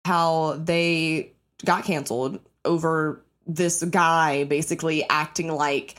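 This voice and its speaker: A young woman talks on her own podcast in a low-set voice, ranting bluntly and swearing freely. She slides into shrill, mock-outraged bursts as she vents. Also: slow. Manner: blunt, profane, animated, breaks into high-pitched mock outrage. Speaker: podcast host. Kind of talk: casual solo rant.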